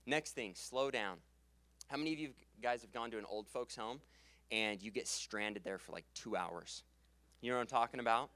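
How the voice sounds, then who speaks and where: A young man coaching a live seminar audience on sales, energetic and quick to laugh, and he closes his sentences on a falling pitch. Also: no echo. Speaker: sales trainer. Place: conference room with live audience. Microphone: handheld stage mic.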